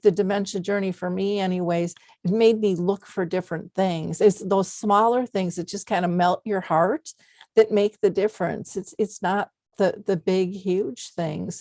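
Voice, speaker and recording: A woman's voice: on the low side, a little mellow, no room sound. Earnest woman host, dry close sound. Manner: earnest, heartfelt storytelling, many fillers. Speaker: podcast host. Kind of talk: conversational interview.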